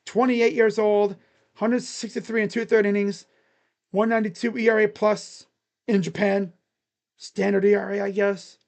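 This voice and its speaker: A sports channel host chatting casually on a live stream, making predictions in a jokey, rambling way with sudden shouted bits. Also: medium pitch, level tone, normal speed. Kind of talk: casual live-stream commentary on baseball free agents.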